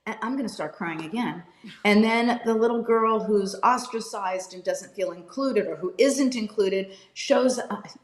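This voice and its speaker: A woman's voice: medium pitch, measured pace, reverberant. A woman NFL analyst talking passionately and with emphasis as a guest on a video call interview.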